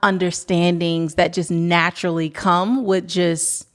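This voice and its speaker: A woman from Kentucky, a podcast guest, speaking thoughtfully and pausing to search for words. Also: fairly low pitch, flat delivery. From Louisville, Kentucky. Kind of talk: casual conversation.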